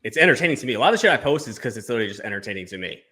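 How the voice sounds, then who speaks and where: A man's voice: medium pitch, very animated, very fast, sharp tone. A man hosting a casual podcast conversation, blunt, sarcastic and profane. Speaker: podcast host.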